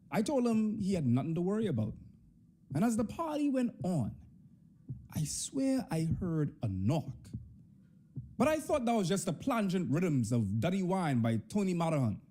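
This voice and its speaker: Young Bahamian male storyteller, animated delivery, warm dark tone. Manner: animated, swings between high and low pitch. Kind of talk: comic personal storytelling.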